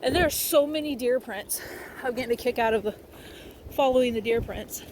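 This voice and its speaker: A woman chatting casually while walking her dog on a windy beach, a little out of breath, rambling and talking to her dog in a high, cooing voice. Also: a little fast. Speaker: vlogger. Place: windy lakeside beach outdoors. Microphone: handheld camera. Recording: loud wind noise on the mic. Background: strong wind and lake water.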